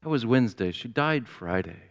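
A man preaching a sermon as pastor, deliberate, building to fervent exclamations. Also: medium pitch, expressive, muffled recording.

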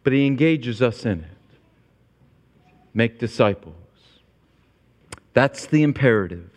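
A male pastor preaching with a fairly high voice and a slow, measured delivery. He drives his points home with emphatic repetition and lifts his pitch as he presses them. The long reverb of a large church trails after each phrase. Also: a bit bright. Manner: emphatic, repetitive cadence, builds to higher pitch when stressing points. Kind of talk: sermon.

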